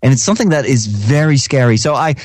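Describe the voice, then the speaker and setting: A man's voice: medium pitch, expressive, fast, darkish tone, no room sound. Podcast cohost guy, thoughtful, stammers a bit, dry close sound. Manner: reflective, hesitant, with stammers. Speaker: podcast co-host. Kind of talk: casual podcast chat.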